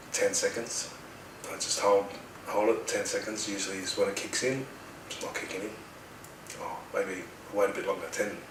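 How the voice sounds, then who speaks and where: A man telling a personal story in a casual, animated way, acting out his own past shouting. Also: on the low side, a little hiss or hum. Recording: roomy sound, mic at a distance.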